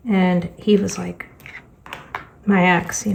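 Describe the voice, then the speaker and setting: A middle-aged woman and crafting host telling family stories in a casual chat, with a sarcastic, deadpan sense of humor. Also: fairly low pitch, unhurried, creaky, pauses often, a little hiss or hum. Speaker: crafting vlogger and teacher.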